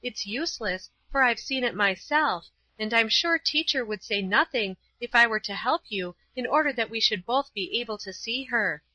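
A woman's voice: fairly high pitch, lively intonation, moderate pace, few pauses, pushed and bright, no echo, pitched above the performer's own voice. A woman reading aloud voices a pious, kind-hearted schoolgirl in a raised, eager, pleading tone. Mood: earnest, pleading. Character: earnest pious schoolgirl, timid but kind. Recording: slightly dull, dry.

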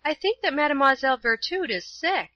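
A woman voicing a gentle, tender-hearted young schoolgirl in a storybook, with a soft, pleading manner. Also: high-pitched, expressive, fairly quick, dry recording, dull audio, pitched above the performer's own voice.

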